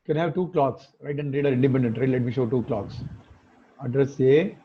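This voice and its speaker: A man's voice: medium pitch, brisk, a little hiss or hum. A man teaching an online class, explaining things step by step and often checking with tag questions. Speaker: instructor. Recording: phone-like muffled call audio.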